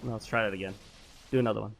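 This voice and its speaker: A man's voice: fairly low pitch, steady tone, very fast, vocal fry, slight background noise. A man hosting a gaming channel, chatting casually over gameplay and handing out blunt, opinionated advice, rambling with lots of fillers and self-corrections.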